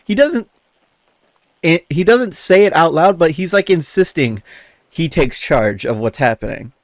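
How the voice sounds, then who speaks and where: Podcast co-host, male, somewhat high voice, lively storyteller who swears and laughs, dry close mic. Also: a little slow, dry recording. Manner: animated, swears a lot, laughs while telling. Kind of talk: casual storytelling chat.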